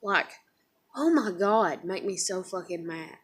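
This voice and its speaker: A woman venting in a casual vlog, swearing heavily and swinging between hushed hurt and loud anger. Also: lowish voice, animated, measured pace, breathy edge. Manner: heated, profane venting; emotional, wavers between quiet and loud. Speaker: vlogger.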